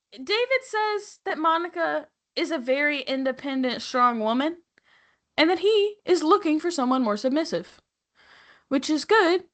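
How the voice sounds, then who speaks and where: A woman's voice: sits high, a bit bright. A woman co-hosting a podcast, recapping reality TV in casual, sarcastic, profane chat. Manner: sarcastic, profane, laughing asides. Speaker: podcast co-host.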